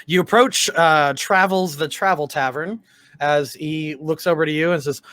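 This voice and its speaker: A man narrates a comedy tabletop game as its dungeon master, quick to laugh and quick to slip into character accents. His voice sits a little high, and it is recorded close and dry, with no room around it. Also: steady tone, fairly bright tone, no echo. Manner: laughs often, voices NPCs in shifting accents.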